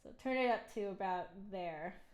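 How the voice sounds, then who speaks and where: A woman's voice: mid-range voice, expressive, moderate pace. A woman flutist chatting casually on her live stream, explaining things at length with many fillers, close to a microphone in a home studio. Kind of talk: casual chat. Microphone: close mic, gain changed during talk.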